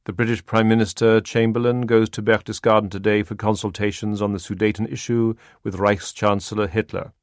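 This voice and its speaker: A male audiobook narrator reading a novel in a steady, measured way. His voice sits low and sounds dry and close, with no room around it. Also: no room sound. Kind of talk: scripted narration.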